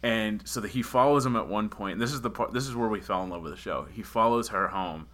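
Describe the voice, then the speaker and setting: A man hosting a relaxed interview podcast, his voice bright and forward. He tells stories with animation and breaks into laughter often. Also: fairly low pitch, a little fast. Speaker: podcast host. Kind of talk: casual interview chat.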